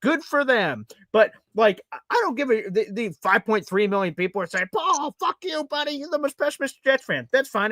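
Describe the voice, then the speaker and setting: High-pitched, bright-voiced sports show host man. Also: dry recording. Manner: emphatic, exasperated, acts out reactions. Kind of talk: animated sports talk.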